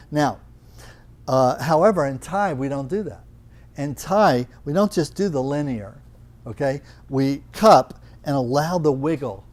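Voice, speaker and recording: A man's voice: medium pitch, a little mellow. An older man teaching a live Thai yoga class, chatty and teasing, explaining with questions to students in the room.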